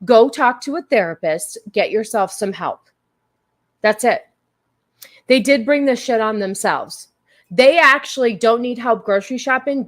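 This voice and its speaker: A woman's voice: a little high, lively intonation, measured pace. A woman hosting a casual livestream who chats with her viewers. She is blunt, crude and joking, and she thanks her supporters effusively. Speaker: livestream host.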